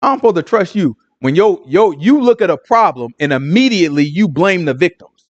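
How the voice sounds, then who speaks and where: A man teaching a Sabbath congregation, his fairly high voice leaping up and down as he fires off rhetorical questions. His delivery is loose and conversational, and the sound is close and dry with little room around it. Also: expressive, brisk, no room sound, highs cut off.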